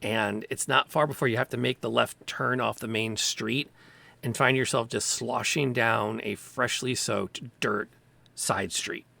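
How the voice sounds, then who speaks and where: A man's voice: medium pitch, a little slow, gravelly, dry recording. A man narrating as game master of a tabletop role-playing game, describing scenes and calling for dice rolls. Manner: relaxed, descriptive, with small vocal sound effects. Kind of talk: narrating a tabletop game over a video call.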